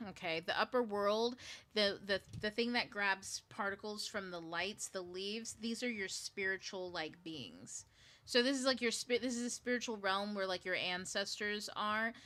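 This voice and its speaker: Bright-voiced woman teaching casually. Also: mid-range voice. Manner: chatty and loose, with frequent fillers and swearing. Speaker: book club host teaching spiritual ideas. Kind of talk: casual spiritual teaching talk.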